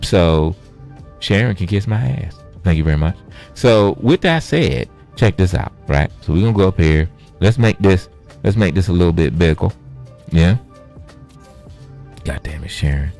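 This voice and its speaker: A man giving casual gameplay commentary with a low, gravelly voice. His pitch jumps around a lot as he jokes and swears. Soft music plays in the background. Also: moderate pace. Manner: animated, joking and profane. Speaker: gaming vlogger.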